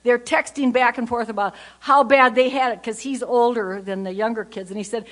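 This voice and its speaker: An older woman speaks to a conference audience in a humorous, storytelling way. Her voice sits on the higher side, and she talks in a chatty manner, acting out family anecdotes as she goes. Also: fairly even intonation, a little fast, hardly any pauses, fairly bright tone.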